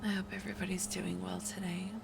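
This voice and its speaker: A woman's voice: lowish voice, little pitch movement, fast, gravelly, very noisy. Groggy woman with a cracking morning voice. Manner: chatty, self-deprecating. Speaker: live streamer. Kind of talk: casual chat to stream viewers.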